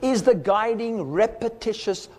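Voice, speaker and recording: A man's voice: high voice, measured pace, long reverb tail. A man giving a recorded teaching talk, explaining step by step and sounding out rhythms with his voice. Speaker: speaker.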